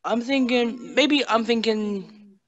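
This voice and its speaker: A man's voice: very high-pitched, takes it slowly, a bit bright, dull audio. A man calling into a live show, jokey and hesitant, with many ums. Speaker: caller. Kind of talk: phone-in call.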